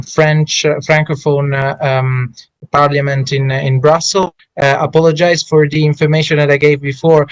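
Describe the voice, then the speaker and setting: A man moderating an online panel, halting and apologetic, with many fillers. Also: on the high side, clean tone, no room sound, low-quality recording.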